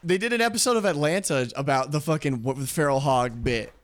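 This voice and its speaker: A man's voice: a little high, brisk. A young man co-hosting a podcast, rambling and swearing in casual banter with frequent laughs. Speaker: podcast co-host.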